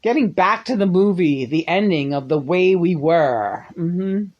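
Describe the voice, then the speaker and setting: Brief: a woman reviewing a film off the cuff, sarcastic, swearing, with a lively, swooping voice. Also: on the low side, measured pace, lo-fi sound. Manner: profane, sarcastic, laughs often. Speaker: movie reviewer. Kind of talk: casual rambling monologue.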